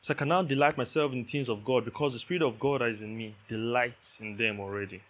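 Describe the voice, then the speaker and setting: A man delivers a sermon in a husky, slightly rough voice. He preaches with emphasis and repeats his key lines. He keeps checking that his listeners follow him. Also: mid-range voice, fast, a bit bright. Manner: emphatic, repeats key phrases, asks the audience "do you understand".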